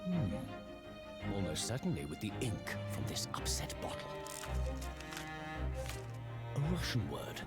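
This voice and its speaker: A man voicing a pompous British gentleman detective with a lofty, theatrical manner. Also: fairly low pitch, huge pitch swings, slow pace, long pauses, loud music behind the voice, voice pushed down, heavily acted. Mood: deducing.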